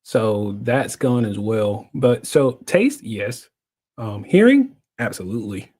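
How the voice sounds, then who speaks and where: A man's voice: fairly low pitch, sing-song, slow, a little mellow, breathy edge. A man in his thirties telling a personal story as a guest, joking and acting out the other people's voices. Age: 30s. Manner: jokey, acts out voices, laughs often. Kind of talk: animated storytelling.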